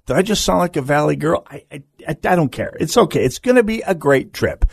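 A Minnesota-man delivers a political talk radio monologue, his pitch leaping up on points he stresses. He often stumbles and restarts mid-sentence. The studio sound is dry and close. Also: a little fast, gravelly, husky, dry recording. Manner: animated, emphatic, frequent restarts. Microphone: studio microphone.

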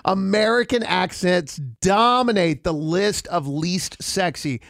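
A man's voice: sits high, slow, a bit bright, no echo, clean studio sound. Upbeat man hosting radio banter. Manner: leads the segment, reading poll results with playful asides. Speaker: radio show host.

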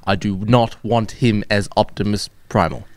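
A man hosting a casual podcast, chatty and animated, laughing often. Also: on the low side, moderate pace, no room sound, studio quality. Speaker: podcast host.

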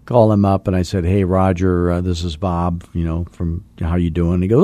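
A man's voice: low-pitched, flat delivery, brisk, hardly any pauses, warm tone, no room sound. A man hosting a real estate coaching podcast, telling a jokey anecdote and acting out both sides of a phone call. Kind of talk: casual storytelling on a podcast.

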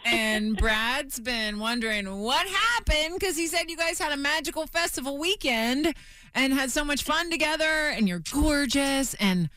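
A woman co-hosting a morning radio show in a bright, high voice that swings widely in pitch. She teases the caller playfully and laughs often. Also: lively intonation, unhurried.

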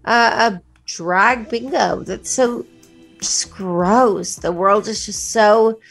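A woman's voice: mid-range voice, slow pace, vocal fry, soft background music. A woman co-hosting a morning show, chatting in a gushing way, laughing often, and reading the news. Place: broadcast studio.

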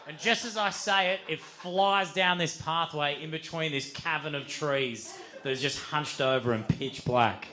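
A man telling a live comedic story on stage, swearing freely and acting out other people with sudden shouted outbursts. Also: on the high side, moderate pace, a little hiss or hum. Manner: swears a lot, acts out voices with shouted outbursts. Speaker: stand-up storyteller. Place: live stage before an audience.

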